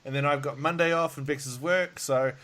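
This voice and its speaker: A man chats loosely as a podcast host, sounding worn out. He rambles, laughs often and swears without a second thought. His voice sits a little high for a man. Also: steady tone, normal speed, fairly bright tone. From Australia. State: tired. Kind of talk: casual chat. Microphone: video call.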